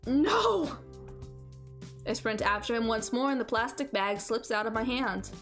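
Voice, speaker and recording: A woman streamer reading a visual novel aloud and riffing on it, animated and playful, repeating phrases for laughs. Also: fairly high pitch, fairly quick, soft background music. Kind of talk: let's-play commentary and visual novel narration.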